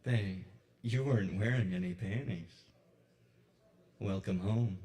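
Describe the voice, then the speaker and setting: Man reading a slow-paced poem. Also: lowish voice, warm tone. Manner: slow, with deliberate pauses. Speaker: open mic poet. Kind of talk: live poetry reading. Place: kava bar venue.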